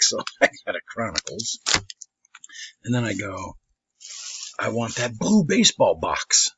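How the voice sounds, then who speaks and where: A man's voice: on the low side, sing-song, measured pace, pauses often, a bit bright. A man, a trading card collector telling a rambling, casual story and acting out what people said. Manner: rambling, laughs often, mimics people in quotes. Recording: slightly dull lo-fi audio with faint noise.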